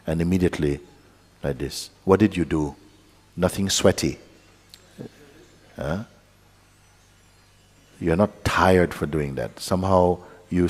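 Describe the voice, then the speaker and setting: Low-voiced man guiding meditation, reverberant hall. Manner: slow, calm guidance with playful asides. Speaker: spiritual teacher. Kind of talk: guided meditation talk.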